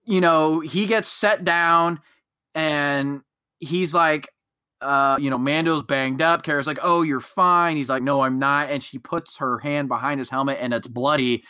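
A man's voice: fairly high pitch, steady tone, a little slow, bright, forceful tone, smooth, dry recording, studio quality. A man co-hosting a podcast, retelling a show's plot in a rambling, casual way full of fillers and acted-out quotes. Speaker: podcast co-host. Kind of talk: casual chat recapping a TV episode.

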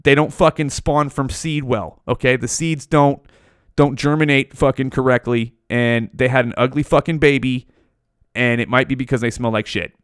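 A man's voice: mid-range voice, steady tone, moderate pace, a bit bright, smooth, dry recording, clean studio sound, close to an everyday voice. A man voicing a rude, disgusted male flowering plant that scolds in a profane way.

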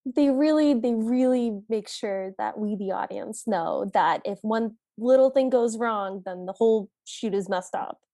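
A woman's voice: on the high side, measured pace, hardly any pauses, dark tone, no room sound, studio quality. A woman co-hosting a podcast, chatting casually about a movie and adding her own reactions and questions. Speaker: podcast co-host. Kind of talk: casual movie recap chat.

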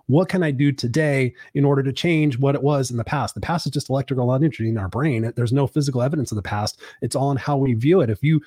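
A man's voice: medium pitch, fast, few pauses, darkish tone, dry recording, studio quality. A man hosting a podcast, speaking in an upbeat, encouraging, motivational way. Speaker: podcast host. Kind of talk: motivational interview talk.

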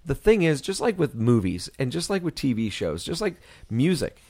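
A man co-hosts a casual podcast, speaking candidly and circling back on himself as he tells stories. His voice moves lively up and down in a mid register. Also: mid-range voice, moderate pace. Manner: candid, rambling storyteller with many restarts. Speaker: podcast co-host. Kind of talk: casual chat.

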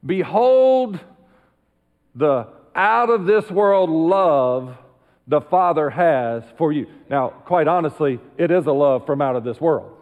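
Preacher guy, slow deliberate sermon, big echoey church hall. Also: a little high, lively intonation, phone-quality sound. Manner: emphatic preaching, drops to quiet asides. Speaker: senior pastor. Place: church sanctuary.

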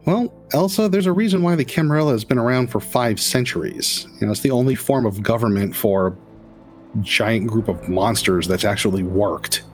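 A man's voice: mid-range voice, moderate pace, faint music behind, close to an everyday voice. A man voicing a tired, loyal male vampire ritualist who speaks earnestly and defensively. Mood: dutiful.

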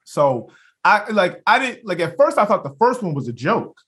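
With a high-pitched voice at a moderate speed, this young podcast co-host spins a laid-back story, laughing, cursing freely and performing what everyone else said in quoted voices.

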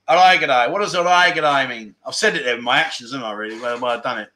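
A man's voice: medium pitch, fast talker, bright, forceful tone. A man from England hosting a casual livestream, reading out viewer comments and laughing often between lines. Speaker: livestream host.

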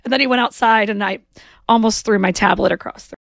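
Gravelly, emphatic woman podcast co-host. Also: mid-range voice, quick pace, no room sound, studio quality. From American South. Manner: emphatic, exasperated. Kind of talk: casual review chat.

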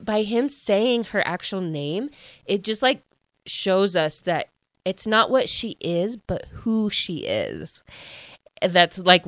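A woman gushes through a book recap at home, chatty and quick to ramble. Her voice sits somewhat low. The sound is dry and close to the mic. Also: no room sound. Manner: gushing and chatty, full of "like". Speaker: book reviewer.

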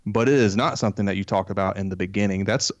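A man's voice: on the low side, fast, dry recording. A man hosting a casual podcast discussion, reading passages aloud and commenting on them in a conversational way. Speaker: podcast host.

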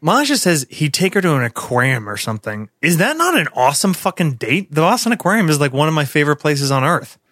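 A man's voice: fairly high pitch, very animated, fast, few pauses, fairly bright tone, no room sound, studio quality. A man co-hosting a podcast, teasing his partner in casual chat and reading out listener questions. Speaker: podcast co-host.

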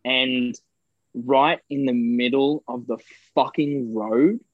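A young man with an Australian accent rattles through a casual podcast story, swearing freely. His voice is mid-pitched, and the recording is dry and a little dull. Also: fairly even intonation, slow pace, no room sound. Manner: sweary storytelling, puts on voices for quoted people. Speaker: podcast co-host. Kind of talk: casual chat.

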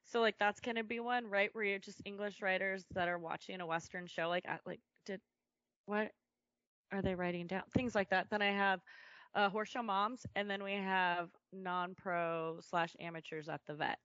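A woman's voice: mid-range voice, normal speed, no room sound. A woman guest on a podcast, telling stories in casual chat and acting out what people said. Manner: lively storyteller who acts out quotes. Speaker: podcast guest, comedic video creator. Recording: dull, dry lo-fi podcast audio.

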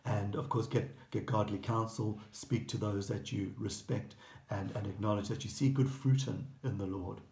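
Male pastor, gravelly voice, earnest sermon, echoey room. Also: lowish voice, fairly even intonation, normal speed, darkish tone, slight background noise. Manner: earnest, conversational preaching with repeated restarts.

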